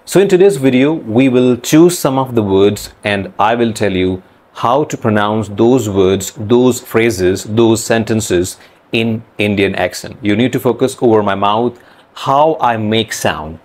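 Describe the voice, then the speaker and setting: A man hosting an English pronunciation lesson, explaining sounds slowly and repeating phrases to demonstrate them. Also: fairly low pitch, darkish tone.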